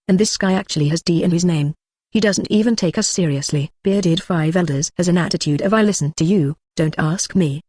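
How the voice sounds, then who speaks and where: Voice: medium pitch, no echo. Machine-like audiobook narrator voice. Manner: reads punctuation marks aloud, even machine-like delivery. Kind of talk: scripted fan-fiction narration.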